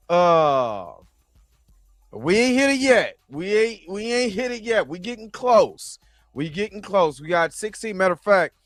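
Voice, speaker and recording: Speaking straight to his chat, a man with a fairly high voice hosts a live stream, chatting casually and with animation. The recording is dry.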